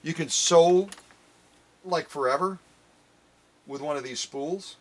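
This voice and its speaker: A man's voice: fairly high pitch, slow pace. Playful man demoing a sewing machine. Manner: playful, talks straight to viewers as folks. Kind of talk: live premiere demo chat.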